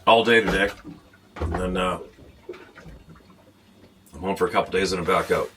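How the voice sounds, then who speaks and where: A low-sitting male voice at a moderate pace, with fairly even intonation, comes through over background noise. He's a host ranting at the camera from a boat, blunt, profane and fed up.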